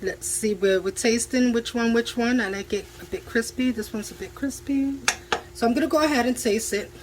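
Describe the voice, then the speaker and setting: A woman's voice: a little high, normal speed, noisy background. A woman casually narrating her home cooking for viewers in a chatty, enthusiastic way, talking from her kitchen stove. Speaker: home cook vlogger. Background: food sizzling in a pan.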